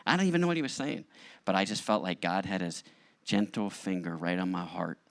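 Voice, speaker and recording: A middle-aged male pastor telling his story in a sermon, animated, acting out what people said. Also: low-pitched, a little fast, creaky, dry recording. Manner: animated storytelling with acted-out quotes. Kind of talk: testimony sermon.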